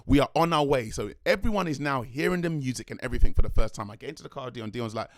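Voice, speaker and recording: A young man, a dance crew leader telling a rambling, excitable story in a vlog. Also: mid-range voice, quick pace, dry recording, studio quality. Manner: rambling, excitable, slangy, self-correcting.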